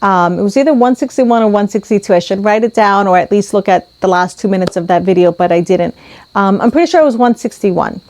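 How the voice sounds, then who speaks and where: A woman's voice: medium pitch, fast, darkish tone. A woman vlogging casually to camera about her weight loss as a mother, candid and full of ums and restarts.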